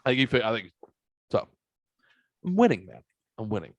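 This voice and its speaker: A man's voice: fairly low pitch, big pitch swings, fairly quick, no room sound. A man hosting a casual podcast, telling rambling, profane anecdotes and mimicking other people's voices. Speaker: podcast host. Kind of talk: casual podcast chat, storytelling.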